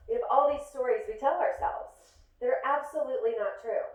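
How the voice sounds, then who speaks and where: A woman giving a motivational talk to a live audience as a business coach, animated and acting out dialogue, often asking "right?". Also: sits high, brisk, dull audio. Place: large hall with an audience. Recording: echoey hall, voice from far off.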